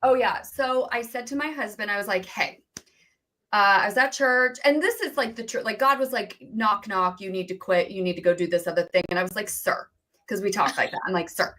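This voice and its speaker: Animated woman telling her story. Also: mid-range voice, a little fast. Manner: animated, acts out quoted dialogue, many "like"s. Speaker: guest, business coach. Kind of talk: casual interview storytelling.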